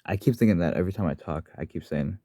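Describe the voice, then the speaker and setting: A man with a low, mellow voice talks quickly and casually on his channel about the characters he voices as a fan voice actor. He rambles, keeps correcting himself, and apologizes along the way, in a studio-quality vlog monologue with no room sound.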